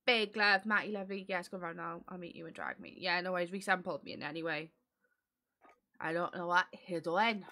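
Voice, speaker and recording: A woman streaming a game early in the morning, chatting to viewers in a croaky, sleepy voice and laughing loudly. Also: on the low side, steady tone, brisk. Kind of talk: casual chat while gaming live.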